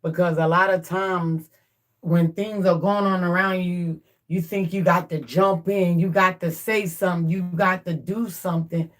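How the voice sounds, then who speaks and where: A woman's voice: lowish voice, steady tone, normal speed. A woman hosting a livestream, musing in a casual, reflective way and repeating her points. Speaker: livestream host.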